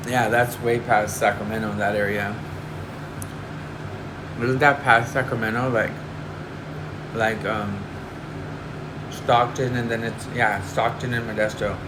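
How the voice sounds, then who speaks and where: A man's voice: fairly low pitch, flat delivery, measured pace, pauses often. A man from Northern California chatting casually with livestream viewers, confiding and emotional, rambling with lots of fillers. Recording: air conditioner hum behind.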